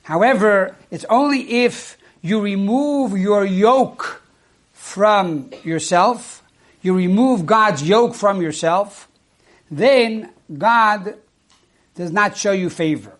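A high-voiced man preaches as a rabbi, steady and instructive, and frequently asks his listeners rhetorical questions.

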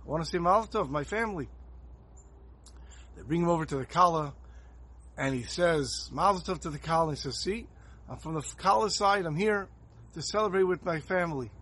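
A man giving a Torah talk as a sermon, telling a story in an earnest, animated way. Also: fairly high pitch, a little fast, husky.

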